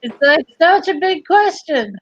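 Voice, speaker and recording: A woman's voice: very high-pitched, big pitch swings, a little slow, a bit bright, dry recording. A woman hosting a casual livestream, chatty, giggly and rambling, on dry, slightly dull audio. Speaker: livestream host.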